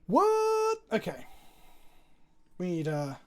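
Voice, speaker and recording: A man's voice: on the high side, brisk. A man streaming a card game, commentating his plays casually, chatty and thinking aloud, with frequent swearing.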